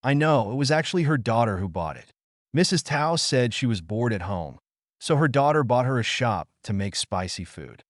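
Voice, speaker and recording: A man's voice: mid-range voice, very animated, moderate pace, no room sound, clean studio sound, natural voice. A man voicing a cheerful young woman student who is a little bossy with her boyfriend. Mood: chatty.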